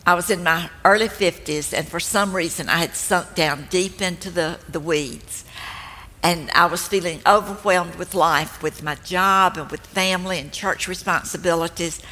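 An older woman giving a slow, gentle and earnest devotional teaching talk. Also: on the low side. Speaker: speaker at a women's ministry event. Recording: long hall reverb.

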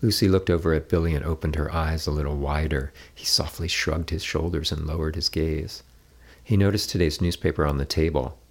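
A man reading a novel aloud in a steady, measured narration. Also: rumbling low. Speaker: audiobook narrator. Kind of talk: scripted narration.

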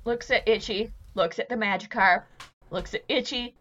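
A woman narrating her character's actions in a tabletop role-play, playful and animated. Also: on the high side, normal speed, highs cut off.

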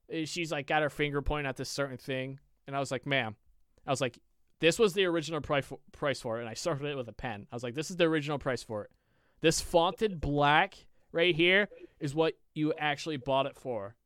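Here a young male podcast co-host spins a long, meandering story packed with profanity and "I was like." His voice is mid-range, a bit bright and smooth, recorded with no echo, in a relaxed storytelling style.

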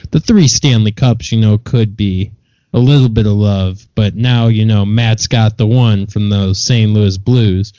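A man's voice: on the low side, measured pace, dark tone, dry recording, highs cut off. A man co-hosting a casual sports podcast, blunt and exasperated, swearing as he vents. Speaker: podcast co-host.

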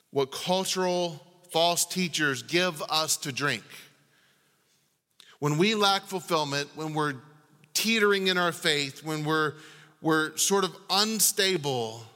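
Forceful preacher in a reverberant hall. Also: male voice, a little high. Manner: emphatic, with rhetorical questions and swings from loud to hushed. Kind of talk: sermon. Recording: long reverb of a large hall.

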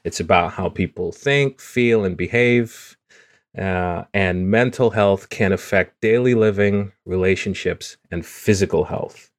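A man's voice: low voice, measured pace, no echo, studio quality. A man hosting a podcast in a casual, joking, self-deprecating way. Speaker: podcast host. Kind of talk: casual chat.

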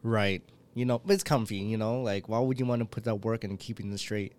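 A man's voice: on the low side, a little fast, darkish tone. A young man in casual chat, playful and teasing, laughing freely.

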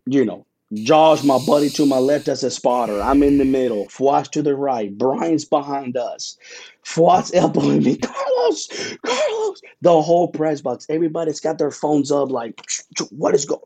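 With a warm, mellow voice at medium pitch, never bright, a man tells his story as an interview guest. Excitement and feeling build as he delivers punchy, broadcaster-style phrases broken by dramatic pauses.

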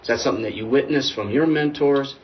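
A man's voice: mid-range voice, fast talker, slight background noise. Eager male podcast host, distant mic. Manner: self-described emotional, eager questioner. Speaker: podcast host, wrestling parent. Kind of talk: casual podcast conversation. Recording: distant and muffled.

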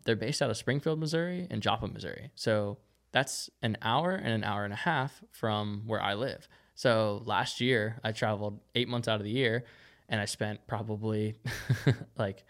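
A young man, a BMX rider, chatting casually as a podcast guest, laid-back and laughing often, with lots of filler "like". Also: fairly low pitch. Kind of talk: casual interview chat.

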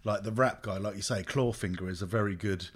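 A man's voice: on the low side, a little fast. A man co-hosting a casual podcast chat, easygoing and enthusiastic. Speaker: podcast co-host.

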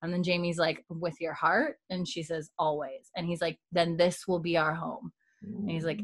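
A woman's voice: on the low side, flat delivery, normal speed. A woman co-hosting a podcast, casually retelling scenes and quoting the characters' lines. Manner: retells scenes with quoted lines, chatty and giggly. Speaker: podcast co-host. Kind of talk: casual recap chat.

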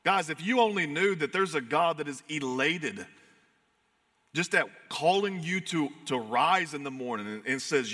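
A man preaching a sermon in an earnest, emphatic way, swinging from fired-up to hushed. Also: on the high side, lively intonation, normal speed, in a large hall. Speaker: pastor.

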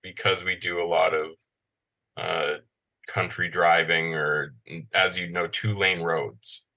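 A man with a very low but bright, forceful voice rambles through a story. He hesitates often and leans on fillers. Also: steady tone, takes it slowly. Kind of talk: casual chat.

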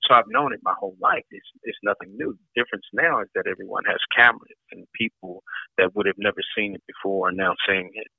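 A man's voice: on the low side, fast, creaky, husky, dry recording. An older man speaking as an interview guest, reflective and emphatic, piling up repeated lists to drive his points home. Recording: dry tinny phone-like line.

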